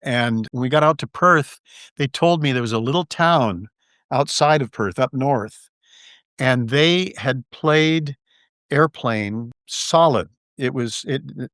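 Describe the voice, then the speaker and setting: Relaxed older man telling stories. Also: mid-range voice, no echo, studio quality. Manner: relaxed anecdotal storyteller, acts out quoted lines. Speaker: guest actor. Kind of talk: casual storytelling interview.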